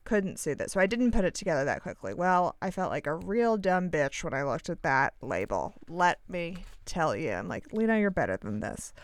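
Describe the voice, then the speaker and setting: Casual podcast host: young woman, smooth clear voice, rambling storyteller, dry close recording. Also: on the low side, sing-song, moderate pace, hardly any pauses, no echo. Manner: rambling, chatty, self-deprecating, with many restarts and asides.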